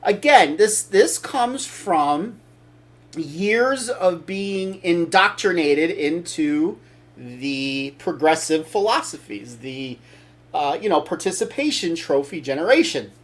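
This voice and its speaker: A man's voice: fairly high pitch, animated, takes it slowly. An older man hosting a casual opinion talk show, blunt and opinionated, rambling with restarts. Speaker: show host.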